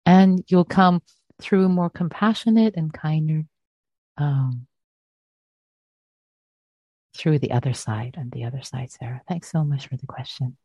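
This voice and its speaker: Soft-spoken woman teacher, slightly low. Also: moderate pace, slightly rough, no echo, lo-fi sound. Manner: soft, soothing, repeats words and trails off. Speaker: meditation teacher. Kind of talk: gentle dharma talk answering a question.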